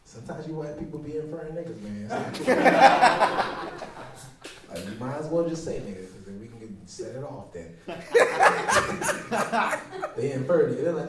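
A man doing a stand-up routine, telling a loud, animated story and mocking other people in put-on voices. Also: medium pitch, normal speed. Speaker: stand-up comedian. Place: comedy club stage. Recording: echoey room, far mic, crowd. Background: audience laughter.

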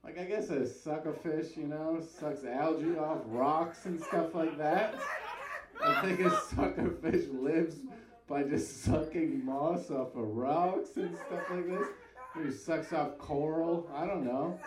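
A man telling a comic story in a stand-up bit, animated, with his voice shooting high at times. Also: takes it slowly, echoey room, very noisy.

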